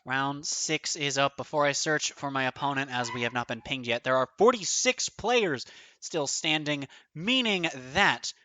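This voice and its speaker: A man streaming his own online card game tournament, thinking aloud, counting out numbers and swearing often, his voice going a bit hoarse. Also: fairly high pitch, lively intonation, unhurried, sharp tone, dry recording. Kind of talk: excited live commentary of own play.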